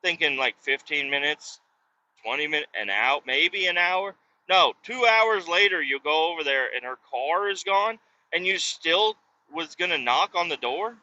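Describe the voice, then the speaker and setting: His voice sits on the high side, sharp in tone, with lively intonation and a moderate pace. While driving, this male podcast host rants casually through a rambling, profanity-heavy tale, sounding exasperated. Faint road noise runs under the dull, lo-fi sound.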